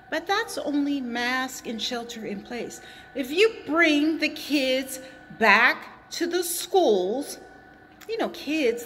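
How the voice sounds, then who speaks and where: Lady ranting from her hot garage, chewing gum, kinda high voice, repeats herself a lot, echoey. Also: fairly bright tone, slight background noise. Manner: rambling, indignant, repeats herself; chewing gum while talking. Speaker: vlogger. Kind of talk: casual opinion vlog.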